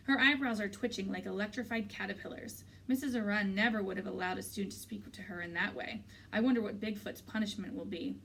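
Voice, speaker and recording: A woman's voice: mid-range voice, a little fast, far from the mic, a little hiss or hum, poor audio. Woman reading a novel aloud, off-mic. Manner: steady, clear storytelling. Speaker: teacher reading a book aloud.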